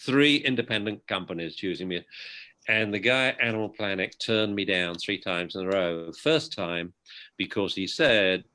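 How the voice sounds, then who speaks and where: A man with a British accent, a dog behaviour expert giving an outspoken, lively interview. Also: low voice, moderate pace. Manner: outspoken, animated storyteller. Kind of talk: conversational interview.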